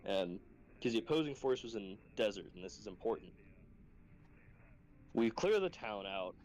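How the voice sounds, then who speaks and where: A Marine instructor tells a war story from training in profane, animated chat, speaking at a moderate pace. He acts out quotes in a high voice, his pitch jumping suddenly. The audio quality is poor.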